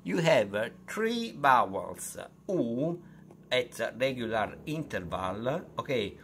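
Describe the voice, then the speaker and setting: Slow Italian-accented man teaching vowels. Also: medium pitch, sing-song, fairly bright tone, slight background noise. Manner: unhurried, full of fillers and restarts. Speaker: language tutor. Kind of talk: teaching pronunciation.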